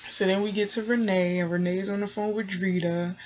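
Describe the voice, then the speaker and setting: In a mid-range voice with fairly even intonation, a TV recap vlogger talks a little fast through a reality TV episode. She's chatty, full of "you know" and "um," and acts out quotes. The audio is dull with slight background noise.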